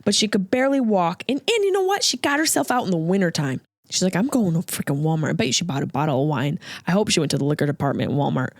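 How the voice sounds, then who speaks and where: A woman hosting a podcast, telling a comic story in an animated, jokey way and acting out the voices of the people in it. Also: fairly low pitch, no room sound, clean studio sound. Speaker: podcast host. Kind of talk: comedic storytelling monologue.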